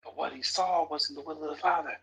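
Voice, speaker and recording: Guy teaching bible class, really husky raspy voice, animated, teases the group. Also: fairly high pitch, fairly quick, low-quality recording. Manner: animated, teasing the group, drops to a whisper for emphasis. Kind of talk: lively Bible study teaching.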